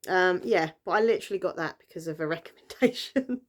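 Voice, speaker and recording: A woman's voice: on the low side, fast. A British woman chatting casually on her vlog, rambling along with lots of fillers and self-corrections. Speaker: book vlogger. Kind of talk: casual chat.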